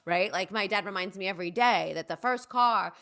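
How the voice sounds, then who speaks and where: A woman's voice: mid-range voice, fairly quick. A woman, a stage performer chatting as an interview guest and acting out family voices as she tells stories. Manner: animated storyteller, acts out family voices. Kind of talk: casual interview chat.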